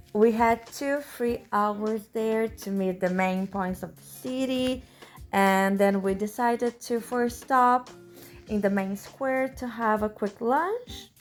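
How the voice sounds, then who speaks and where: Slow, chatty woman vlogger. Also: medium pitch. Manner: chatty, repeats words for emphasis. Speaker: travel vlogger. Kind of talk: travel vlog voice-over.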